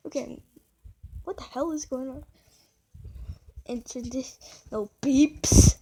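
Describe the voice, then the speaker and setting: A woman's voice: sits high, extremely slow, long pauses, mellow, a little hiss or hum. A young woman talking casually as she reacts to a video, bewildered and exclaiming, with frequent laughs.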